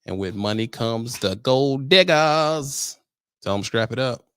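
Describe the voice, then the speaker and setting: A man hosting a casual trucking livestream, talking bluntly and swearing, his voice jumping high and loud when he presses a point. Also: unhurried, smooth, no echo, studio quality. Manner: blunt, animated, swears, rises to loud high-pitched emphasis. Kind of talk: casual advice talk to viewers.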